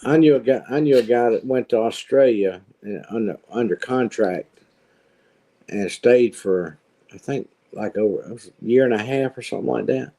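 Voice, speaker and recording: A man's voice: medium pitch, normal speed, dark tone. A middle-aged man, telling stories in a casual chat with folksy grammar. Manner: drawling storyteller, folksy grammar.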